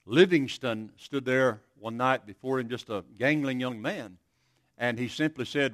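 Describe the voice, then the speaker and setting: An earnest male preacher delivering a sermon, speaking at a middle pitch. He tells stories in a halting way, often restarting his phrases. The sound is dry and close. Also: fairly bright tone, no room sound. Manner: earnest, storytelling with many restarts.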